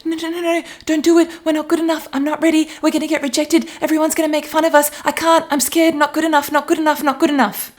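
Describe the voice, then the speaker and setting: A woman's voice: sits high, level tone, fast, hardly any pauses, pitched above the performer's own voice, lightly acted. A frightened little inner child, fretting in a raised, wobbly voice and circling back to the same worries over and over, as a woman acts it out. It pleads anxiously, full of self-doubt. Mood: scared.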